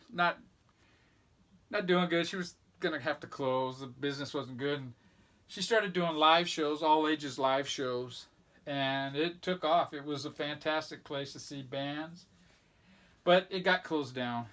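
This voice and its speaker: A man with a slightly raised pitch talks through a stack of records in a loose, casual way. He rambles a bit and lists band after band with plain enthusiasm, like he's showing a friend his collection. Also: a bit bright. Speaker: record collector vlog host. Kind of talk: casual record show-and-tell.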